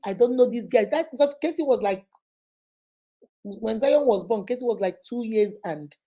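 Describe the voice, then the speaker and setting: Animated woman with a high voice. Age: middle-aged. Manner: animated, exclaiming, laughing often. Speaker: host. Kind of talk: casual storytelling chat.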